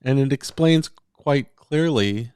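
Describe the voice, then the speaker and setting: A man's voice: mid-range voice, takes it slowly, darkish tone, smooth, no room sound, studio quality. A man co-hosting a podcast in casual chat, talking with fillers and restarts and sometimes reading passages aloud. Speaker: podcast co-host.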